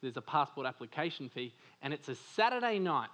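Lively man preaching, a bit high-voiced. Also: fairly quick. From Australia. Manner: animated, laughs often, many fillers like "like". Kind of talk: sermon with personal stories. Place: church service.

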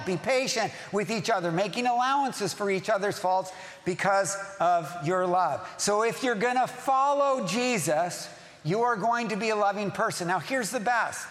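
Pastor, male, high voice, emphatic sermon delivery, long hall echo. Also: expressive, moderate pace, a bit bright. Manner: emphatic, repeats key phrases, asks the congregation questions.

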